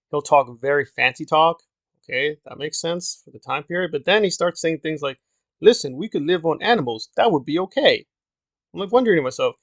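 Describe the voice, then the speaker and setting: Man, gravelly voice, slightly high, critical reviewer, exasperated, sarcastic. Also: a bit bright, dry recording. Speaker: video reviewer. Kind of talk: casual opinionated review monologue.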